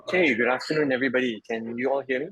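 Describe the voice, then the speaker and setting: A man presenting at an online webinar, relaxed and joking, with plenty of fillers, from Malaysia. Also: medium pitch, rapid-fire, breathy edge, no room sound, rough recording. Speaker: webinar speaker, travel association president. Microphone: video call.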